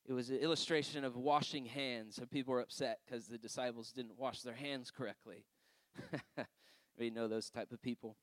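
A man's voice: mid-range voice, fairly even intonation, moderate pace, dry recording. Man preaching in a chatty, laughing way. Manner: conversational storytelling, frequent laughs and asides. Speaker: pastor. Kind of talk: sermon.

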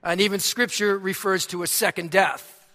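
A man with a Boston accent preaching a sermon, emphatic, moving from soft prayer to loud, forceful points. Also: high voice, steady tone, moderate pace, in a large hall. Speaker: pastor. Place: church sanctuary.

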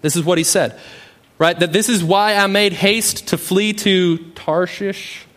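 A man's voice: sits high, steady tone, a little slow, a bit bright. A man preaching a sermon in a conversational way, often adding "right?" and reading scripture aloud with rising emphasis. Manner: conversational, often adds "right?" as a tag question. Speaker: pastor.

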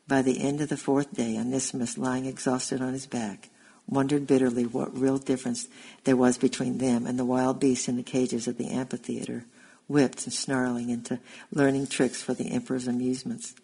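Story narrator: male, gravelly and husky, steady reading on an even line. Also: medium pitch, normal speed, low-quality recording. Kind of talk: reading a historical story aloud.

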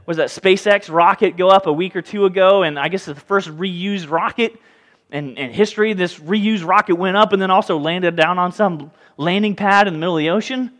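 A man preaching a sermon as pastor, lively, often acting out the voices of people in the story. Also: sits high, moderate pace. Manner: animated, acts out voices in the story. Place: church sanctuary. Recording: hall reverb.

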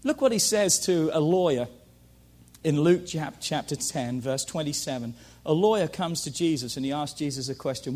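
A male pastor with a high voice delivers a sermon, calling out to the congregation and repeating key lines. He swings between loud shouting and low, hushed storytelling. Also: expressive, moderate pace.

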